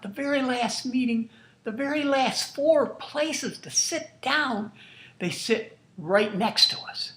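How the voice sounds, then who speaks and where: A man's voice: extremely high pitch, creaky, a bit bright. An older man, a grandfather, telling a true family story to his grandchildren in a folksy, earnest, marveling way. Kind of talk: casual spoken storytelling. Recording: roomy echo.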